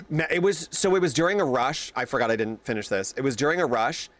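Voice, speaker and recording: A young man streaming, chatting casually with his viewers, telling animated stories and greeting them by name. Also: medium pitch, brisk, no room sound.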